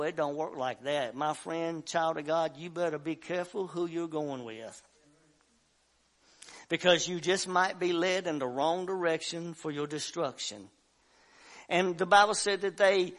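Pastor preaching in a church, voice sits high, acts out the story voices, climbs to shouting. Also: male voice, normal speed. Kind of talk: sermon. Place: church sanctuary.

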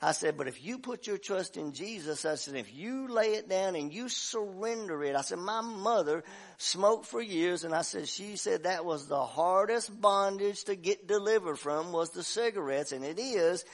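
A man preaching a sermon as pastor, telling a story in a folksy way and building to loud shouts. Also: sits high, expressive, moderate pace. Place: church sanctuary.

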